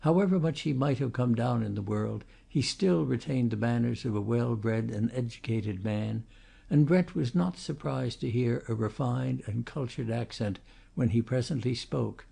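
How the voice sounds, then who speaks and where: A man narrating a classic novel as an audiobook, in steady, measured storytelling. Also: medium pitch, creaky, slightly rough. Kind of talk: scripted narration.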